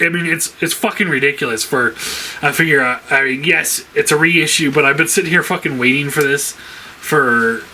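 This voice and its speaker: A man's voice: a little high, bright, forceful tone, slight background noise. A man ranting casually about his toy collection, rambling with lots of fillers and frequent swearing. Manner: frustrated, swears a lot, rambling with many fillers.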